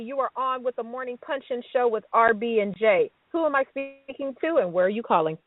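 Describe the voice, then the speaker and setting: A woman's voice: a little high, fairly quick. Upbeat woman radio co-host, tinny audio. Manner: upbeat, laughing, chatty. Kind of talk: casual radio talk show hosting. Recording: dry, tinny phone-like sound.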